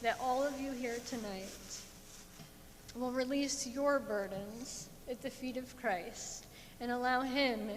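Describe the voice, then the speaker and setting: A woman giving a heartfelt personal testimony in a church, speaking earnestly into a microphone. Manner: slow, earnest and heartfelt, rising in fervor. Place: church sanctuary. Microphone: handheld microphone. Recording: echoey church hall with faint rumble.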